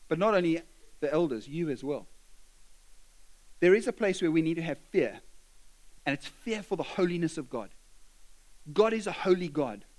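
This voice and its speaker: A man preaching a sermon as a pastor, animated and acting out quoted dialogue in his teaching. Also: sits high, poor audio.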